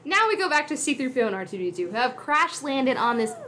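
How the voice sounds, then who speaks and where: A woman hosting a podcast, retelling a movie in casual chat with an animated, profane storytelling manner. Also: high voice, very noisy. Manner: animated, profane storytelling with quick voiced asides. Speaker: podcast host.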